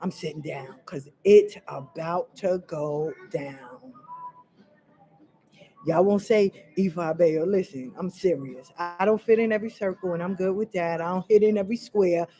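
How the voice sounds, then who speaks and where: A woman's voice: on the low side, moderate pace, mellow. A woman talking straight to her audience in an unscripted monologue, blunt and profane, with emphatic repetition. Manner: fiery and direct, addressing listeners as y'all. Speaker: vlogger sharing personal experience.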